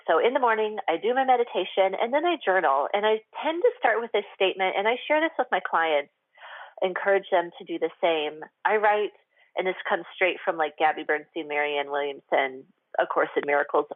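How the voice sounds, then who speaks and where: A woman's voice: lowish voice, no echo. Chatty woman host on a tinny line. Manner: chatty and confessional, heavy with "like" and "um". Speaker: radio show host. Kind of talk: candid solo talk on a radio show. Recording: tinny phone-line sound, dry.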